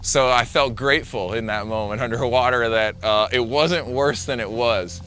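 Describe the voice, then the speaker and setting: A man's voice: mid-range voice, normal speed, fairly bright tone, slight background noise. A young man, a big wave surfer, recounting a near-death wipeout in vivid, breathless storytelling full of fillers.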